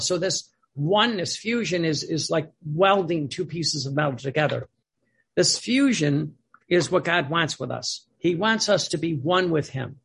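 A man's voice: a little high, lively intonation, unhurried, vocal fry, fairly bright tone, breathy edge. A man in his seventies, a priest, telling stories in a rambling sermon with many restarts and chuckles.

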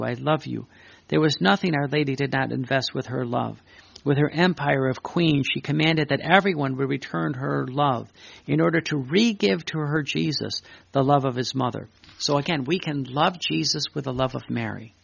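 A man's voice: mid-range voice, gravelly, a bit bright, husky, dry recording. A man preaching, reading a devotional text aloud and breaking off for earnest asides to his listeners. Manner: pauses to add earnest asides between readings. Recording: dry, dull lo-fi recording.

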